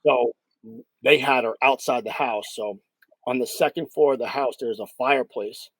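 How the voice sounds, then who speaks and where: A man's voice: mid-range voice, moderate pace, dry recording, rough recording. New man telling a ghost story. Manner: animated storyteller, many fillers and acted-out quotes. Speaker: paranormal investigator, interview guest. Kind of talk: casual storytelling in an interview.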